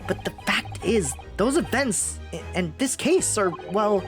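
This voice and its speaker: A man's voice: high-pitched, lively intonation, a little slow, music in the background. A man voicing an earnest young male defense lawyer who speaks hesitantly and carefully.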